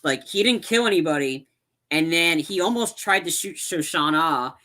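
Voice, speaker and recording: Casual podcast co-host, male, tense bright tone, slightly high, rambles and backtracks with plenty of fillers. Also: expressive, normal speed. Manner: rambling, many fillers and restarts. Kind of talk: casual movie chat.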